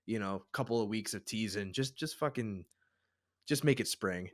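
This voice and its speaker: A man's voice: lowish voice, normal speed. A man hosting a podcast, chatting casually, telling rambling stories with wry swearing. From Chicago area. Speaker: podcast host. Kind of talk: casual chat.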